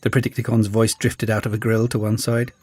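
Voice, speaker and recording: A man narrating an audiobook in a lively, expressive way. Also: on the low side, fairly quick, breathy edge, no room sound. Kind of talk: scripted narration.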